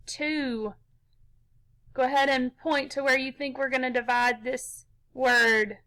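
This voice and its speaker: A woman leads a children's phonics lesson in a high voice. She talks at an unhurried pace and sounds bright and clear. She explains each step with patience. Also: fairly even intonation, poor audio. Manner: slow, patient, step-by-step instruction. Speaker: teacher.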